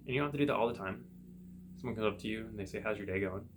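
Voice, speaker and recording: A man, a psychotherapist hosting his own show, thinking aloud in a relaxed solo monologue with everyday examples. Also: lowish voice, racing, slight background noise. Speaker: psychotherapist podcast host.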